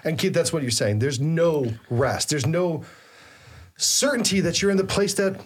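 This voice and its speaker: A man, a priest and co-host, chatting casually and telling jokes in an animated, playful way. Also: a little high, normal speed, slightly rough. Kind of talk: casual chat with joke telling.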